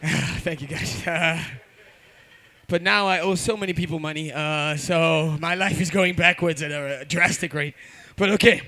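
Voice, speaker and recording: A man's voice: a little high, measured pace, bright, forceful tone, a little hiss or hum. A man hosting a comedy show, teasing and swearing at the crowd from a bar stage. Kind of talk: stand-up crowd work.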